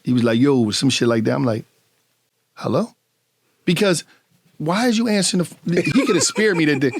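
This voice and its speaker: A middle-aged man telling stories as a podcast guest, animated and profane, often laughing as he talks. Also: a little high, quick pace, slightly rough, no echo, clean studio sound. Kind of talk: casual storytelling conversation.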